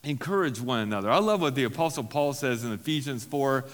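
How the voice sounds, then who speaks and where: A man's voice: medium pitch, lively intonation, fairly quick, long reverb tail. A man preaching as a pastor at a recovery-group meeting, talking casually, repeating key phrases and making self-deprecating asides. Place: church hall.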